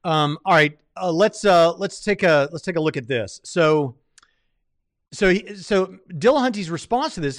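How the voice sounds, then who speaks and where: A man's voice: fairly high pitch, expressive, moderate pace, no echo, clean studio sound. A man hosting a livestream, commenting casually on a debate, rambling with lots of fillers and restarts. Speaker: livestream host reviewing a debate.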